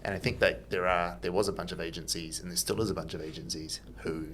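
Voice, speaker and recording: A man's voice: sits low, fairly even intonation, fast talker, a bit bright, a little hiss or hum. A man hosting a podcast, asking loose, rambling questions full of restarts and fillers. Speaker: podcast host. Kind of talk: casual interview chat.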